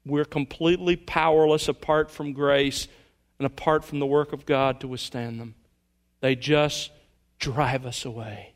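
A male pastor preaching an earnest sermon to his congregation, slowing down to stress key words and dropping to a hush for emphasis. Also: medium pitch, steady tone.

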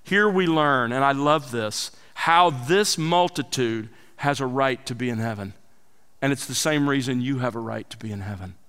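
A man's voice: medium pitch, moderate pace, fairly bright tone, clean tone, in a large hall. A man preaching an expository sermon, teaching verse by verse with emphatic rises and drops for emphasis. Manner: emphatic, rising and falling for emphasis. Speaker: pastor.

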